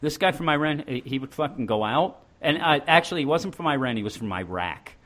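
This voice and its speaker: A man's voice: mid-range voice, animated, a little fast, a bit bright. A man hosting a podcast, riffing in rambling, profane, joking banter. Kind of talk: casual comedic banter.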